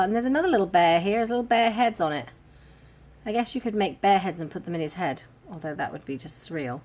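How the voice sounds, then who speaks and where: A woman's voice: fairly low pitch, darkish tone. Chatty woman unboxing crafts. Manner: chatty, amused, given to little laughs. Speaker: crafting vlogger. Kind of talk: casual unboxing chat.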